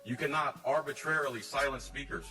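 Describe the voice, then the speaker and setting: A man's voice: medium pitch, a little fast, bright, forceful tone. A man confronting officials in a combative way, citing laws and court cases. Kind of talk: confrontational self-filmed encounter. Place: county meeting room and hallway. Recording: echoey distant hall audio with music.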